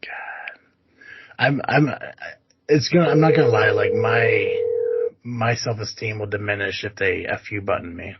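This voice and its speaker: A man's voice: lowish voice, unhurried, loud music behind the voice. A man co-hosting a podcast in loose, rambling casual chat, swearing freely and filling gaps with "uh". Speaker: podcast co-host. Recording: dull muffled podcast audio.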